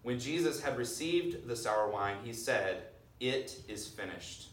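A man in his thirties preaching a sermon as pastor, earnest, dropping to a hush on key phrases. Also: medium pitch, expressive, measured pace. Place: church sanctuary. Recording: roomy sound from far off.

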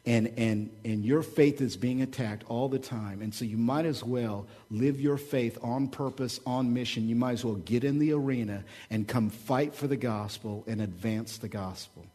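A man from Oklahoma preaching a sermon as pastor, swinging from hushed asides to loud, joking, animated stretches. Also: mid-range voice, normal speed, few pauses.

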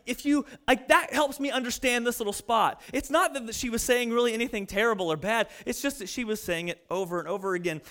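A man in his thirties preaching a sermon, reading scripture and telling funny family stories with animated delivery. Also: sits high. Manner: storytelling, humorous and animated. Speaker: pastor.

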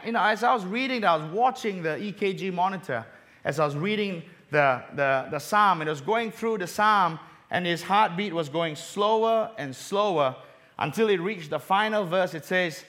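A middle-aged man from Malaysia giving a sermon, telling a personal story and dropping soft and low on tender moments. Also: animated, moderate pace. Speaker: preacher.

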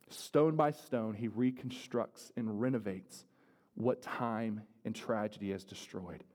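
A male pastor preaching a sermon, swinging from loud, fervent appeals to hushed, slow passages. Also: fairly low pitch, big-room sound. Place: church sanctuary.

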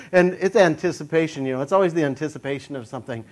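A young man telling a personal story in a casual, animated way, jumping into a high, panicky voice when quoting his own thoughts. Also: quick pace, few pauses.

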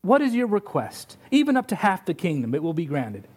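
A preacher voicing a dark, brooding king from a sermon story, deep and ominous in manner, a pitch sitting fairly high despite it. He speaks with slow, grand authority. The king is ominous and imperious throughout. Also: huge pitch swings, exaggerated voice. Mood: indulgent.

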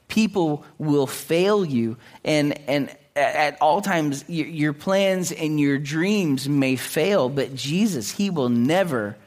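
A man preaching a sermon in an earnest way, often restarting his words and clearing his throat. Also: a little high, slow pace, few pauses, a little mellow. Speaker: pastor.

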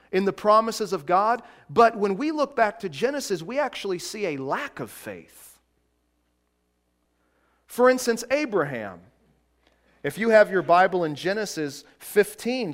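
A man preaching a sermon in a deliberate way, swinging between loud emphasis and quiet, hushed lines. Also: high voice.

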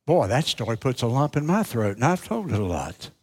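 A man's voice: medium pitch, very animated, a little fast, breathy edge. A man preaching a sermon, telling a story and then speaking earnestly and directly to his listeners.

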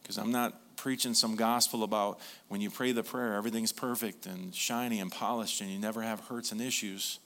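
A man preaching a sermon, conversational and animated, who drops soft and low for emphasis. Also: a little fast, few pauses. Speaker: pastor.

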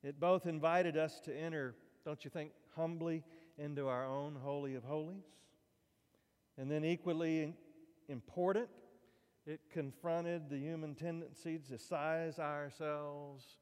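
A man's voice: fairly high pitch, steady tone, a little slow, darkish tone, clean tone. A man preaching a sermon as pastor, in a conversational, folksy way, with asides to the congregation. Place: church sanctuary. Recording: church hall reverb.

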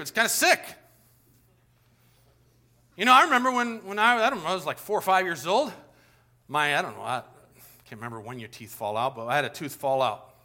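Male pastor, forties, high bright voice, conversational sermon, animated storyteller who does the voices. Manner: animated storytelling, acts out voices with big pitch swings.

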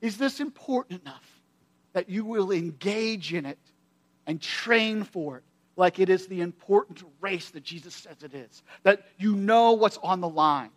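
High-voiced man preaching a lively sermon. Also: a little slow. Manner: animated storytelling, swings between hushed and loud. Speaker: pastor.

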